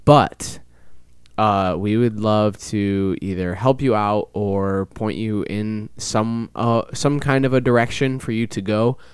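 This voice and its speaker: Man, podcast co-host, relaxed delivery, smooth voice, dry close sound. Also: lowish voice, slow pace, dry recording. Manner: relaxed, with frequent filler words. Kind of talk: casual chat.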